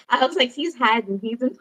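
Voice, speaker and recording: A woman co-hosting a casual talk show, excitable and quick to laugh. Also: medium pitch, low-quality recording. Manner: giggly, excitable. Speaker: podcast co-host. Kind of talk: casual chat.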